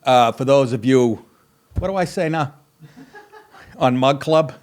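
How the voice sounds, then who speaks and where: A man's voice: mid-range voice, slow, a little mellow. A man in his sixties hosting a comedy talk show, crude and sarcastic, often laughing at his own jokes. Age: 60s. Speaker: comedian podcast host.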